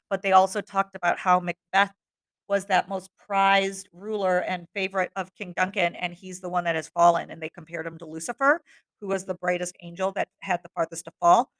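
A woman's voice: fairly low pitch, fairly bright tone. A woman teacher reading a play aloud to students and breaking off into casual explanations with fillers. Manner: casual asides with fillers between dramatic readings.

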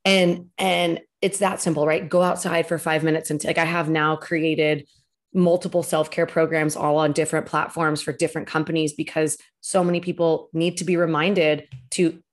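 Lowish-voiced woman, lively storyteller. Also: moderate pace. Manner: animated storyteller acting out quoted voices. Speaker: podcast guest, self-care coach. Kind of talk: casual conversational interview.

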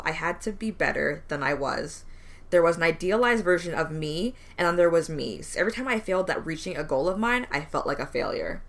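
Low bright-voiced young woman storyteller. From West Indian family, immigrant parents. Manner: relaxed storytelling with frequent ums, laughs between lines. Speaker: podcast co-host telling a true crime case. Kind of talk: casual true crime storytelling.

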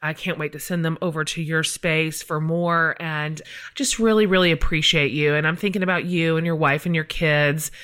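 A woman host with a bright, forceful voice leads a casual podcast interview. She talks in an upbeat, chatty way and keeps affirming her guest. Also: sits low, steady tone, moderate pace, clear, resonant tone.

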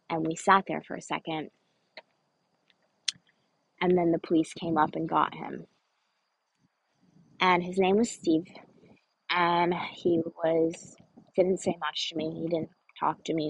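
A woman's voice: deep voice, vocal fry, a bit bright, breathy edge, dry recording, rough recording. A woman telling a true personal story in an earnest, conversational way, often saying "like". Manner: earnest, conversational, frequent "like" fillers.

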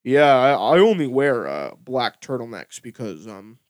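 A man putting on the voice of a female tech CEO who fakes a deep, slow monotone. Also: dry recording. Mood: solemn. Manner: slow, deliberately lowered monotone.

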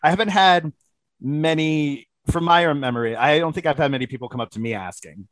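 A man's voice: fairly high pitch, brisk, dry recording. A man, a wrestling ring announcer, telling stories animatedly as a podcast guest, laughing along the way. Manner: animated anecdotes, laughing, many "like" fillers. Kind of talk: casual storytelling interview.

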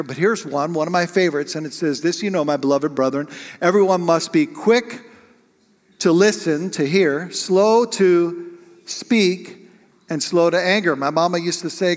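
A male pastor preaches with a slightly raised pitch, throwing rhetorical questions out to his listeners. His voice carries a long reverb, as if it is filling a large hall. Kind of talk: sermon.

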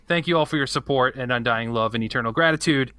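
A man hosts a gaming podcast in casual, teasing banter. His voice is bright and forward. The sound is dry and close, with no room around it. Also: medium pitch, clean tone, no echo. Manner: jokey, quick to tease. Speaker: podcast host. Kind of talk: casual banter and show outro.

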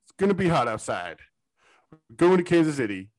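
Excitable rambling man, dry close sound. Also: fairly high pitch, brisk, no room sound, rough recording. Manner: rambling, excitable, goes off on tangents. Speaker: podcast co-host. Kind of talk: casual sports podcast chat.

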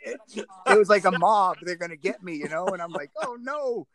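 A man's voice: high voice, a little fast, fairly bright tone. Rambling man telling old stories on a call. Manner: rambling, chuckling, restarts a lot. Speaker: guest, former speedway rider. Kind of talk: casual storytelling chat. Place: outdoors. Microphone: video call.

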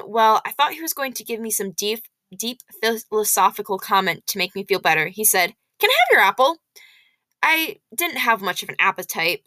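A woman reading a novel aloud in expressive first-person storytelling. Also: medium pitch, no room sound.

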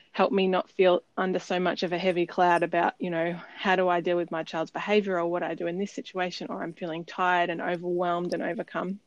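A woman's voice: lowish voice, no echo. A woman co-hosting a podcast, telling a personal story in an earnest, reflective way with frequent ums. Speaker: podcast co-host. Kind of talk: casual storytelling chat. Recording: slightly dull dry recording.

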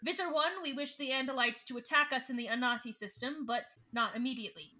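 A woman voicing a stern male alien council leader who speaks in a cold, measured, commanding way. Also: sits high, sharp tone.

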